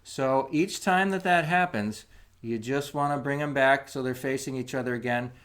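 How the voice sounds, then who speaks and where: A man's voice: medium pitch, normal speed, a bit bright. Patient man teaching a lesson. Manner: patient, counts beats aloud while demonstrating. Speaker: music teacher. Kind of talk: instructional video lesson. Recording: clicking spoons heard behind. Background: clicking of spoons.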